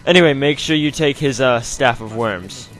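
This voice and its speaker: A man's voice: medium pitch, normal speed, fairly bright tone, faint music behind. A man hosting a video game let's play, talking through it in a chatty, rambling, self-mocking way. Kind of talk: casual gameplay commentary.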